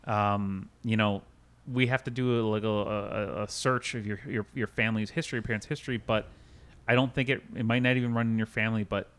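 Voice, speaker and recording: A man's voice: on the low side, steady tone, fairly quick, a bit bright, smooth. A man in his thirties, a podcast guest, telling an emotional personal story in a candid, rambling way with many restarts and quoted dialogue. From United States. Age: 30s.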